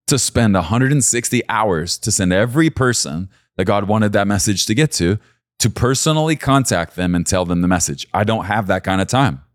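A man in his forties preaching a sermon, talking to his listeners directly and pushing his voice up high and loud when he urges them on. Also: normal speed, no echo, clean studio sound. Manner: emphatic, rises to high excited peaks when urging listeners.

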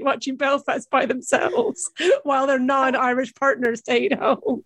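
A woman's voice: high voice, measured pace, gravelly, fairly bright tone, no room sound. A young woman co-hosting a podcast, teasing and ranting with lots of laughter in casual chat. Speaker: podcast co-host.

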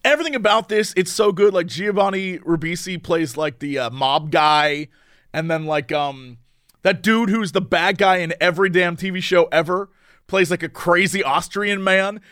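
A man with a high, eager voice rambles through a casual podcast chat and laughs often. The sound is close and dry, with no room around it. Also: moderate pace, a bit bright, no echo. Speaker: podcast co-host.

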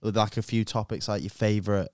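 A British musician guesting on a podcast, talking in a low-key, hesitant way. His voice sits low and smooth. The recording is dry. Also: level tone, fast talker, a little mellow, no echo. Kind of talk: casual chat.

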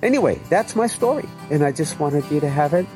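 A man's voice: on the high side, lively intonation, fairly quick, a little mellow, faint music behind, low-quality recording. An older man earnestly telling his personal faith testimony in an emotional storytelling way. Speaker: testimony speaker.

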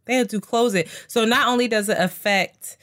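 A woman co-hosting a casual chat, telling a story with lively acted-out quotes. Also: on the high side, normal speed. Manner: animated storyteller, acts out quotes. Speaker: podcast co-host.

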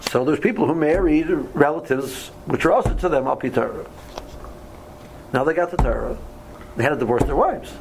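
A man's voice: on the high side, normal speed, darkish tone, slight background noise, rough recording. Man teaching a casual Torah class. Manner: many repeated words and restarts, reads Hebrew verses then explains in English.

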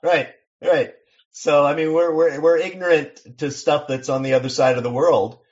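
A man from Seattle, a songwriter guest on a podcast, explaining things in a measured way with frequent restarts. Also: a little high, steady tone, muffled recording. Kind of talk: casual interview chat.

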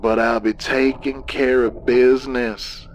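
A man's voice: mid-range voice, little pitch movement, measured pace, a little hiss or hum, pitched above the performer's own voice, close to an everyday voice. A man voicing a menacing, possessed man who taunts and sneers, in a horror audiobook.

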